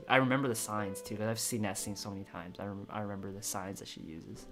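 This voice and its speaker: A man reading a screenplay aloud in a casual way, excitable and choked up, often restarting his sentences. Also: on the low side, fairly quick, hardly any pauses, over music. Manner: excitable, emotional, with frequent restarts. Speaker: screenplay reader and commentator. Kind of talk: casual script read-through with commentary.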